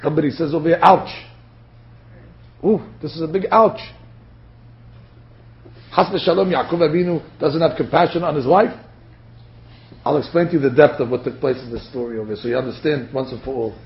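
Animated man teaching a Torah class. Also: on the high side, fairly quick, long pauses. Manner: animated, acts out quotes. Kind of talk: lecture to a class. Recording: dull lo-fi lecture recording.

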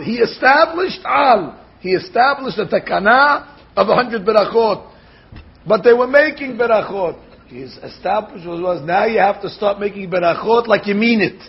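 Husky man teaching a Torah class. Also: high-pitched. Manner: animated, sounds out words slowly to demonstrate. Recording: dull lo-fi recording.

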